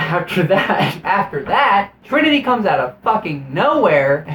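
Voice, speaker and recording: A man's voice: high voice, big pitch swings, moderate pace, a bit bright, muffled recording, a little hiss or hum. A man hosting his own video, giving a rambling, sarcastic, profanity-laced recap of a movie. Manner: rambling with frequent restarts. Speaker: video host reviewing a film.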